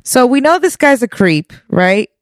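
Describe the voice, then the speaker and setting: A woman co-hosting a podcast in casual chat, animated and laughing often as she tells stories. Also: on the high side, unhurried, dry recording. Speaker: podcast co-host.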